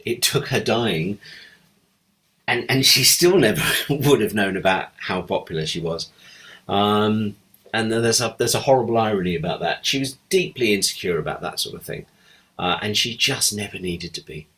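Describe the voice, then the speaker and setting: Middle-aged man, very low voice; warm-hearted anecdotal interview reminiscence. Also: husky. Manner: fond, anecdotal, rambling. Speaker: TV script editor.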